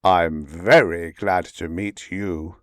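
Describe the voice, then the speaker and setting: A businesslike personnel manager who speaks calmly and persuasively, as a male narrator reads him. Slow, low-pitched, and dry in the mic. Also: dry recording. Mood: enthusiastic. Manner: enthusiastic, reasoning.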